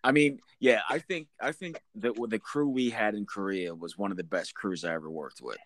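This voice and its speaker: A man's voice: on the low side, a little fast, a bit bright, no echo. A man in a casual chat, reminiscing about military service and prompting his friend for stories. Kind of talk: casual conversation.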